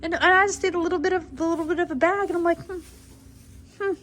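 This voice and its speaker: A woman chatting casually on camera in a horse barn at night, rambling and laughing, cooing softly to the mares and foals. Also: very high voice, fairly even intonation, rapid-fire. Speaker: foaling attendant filming her barn. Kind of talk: casual vlog chat.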